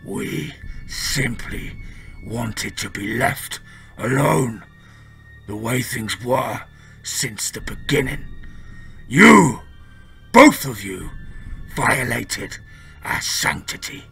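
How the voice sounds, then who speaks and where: Horror story villain as a man puts him on: dry, creeping, half-whispered, low voice, faint music. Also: slow, gravelly, long pauses, bright, forceful tone, full character voice. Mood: menacing. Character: sinister, mocking man holding captives.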